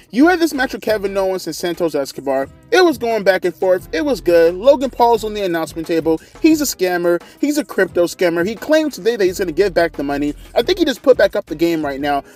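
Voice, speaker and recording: Profane thirtysomething guy ranting about wrestling at home, high voice that swoops a lot, faint music behind. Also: darkish tone. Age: 30s. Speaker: wrestling show reviewer. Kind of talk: ranting casual commentary. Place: living room at home.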